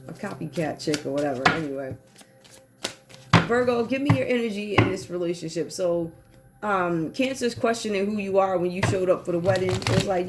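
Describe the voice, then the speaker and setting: A woman giving a casual tarot reading, talking in lively slang and acting out what the cards seem to say. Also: on the low side, slight background noise. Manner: animated, slangy, acts out quoted voices. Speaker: tarot reader.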